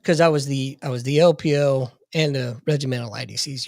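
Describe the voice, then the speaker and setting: A man's voice: medium pitch, fairly quick, creaky, few pauses, a little mellow, no echo, studio quality. A man in his forties telling a profane story in a casual podcast chat.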